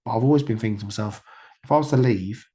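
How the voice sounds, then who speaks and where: Man in his thirties from the UK, podcast guest, rambling candid storytelling, fillers and swearing, lowish voice. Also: fast talker, mellow. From United Kingdom. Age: 30s.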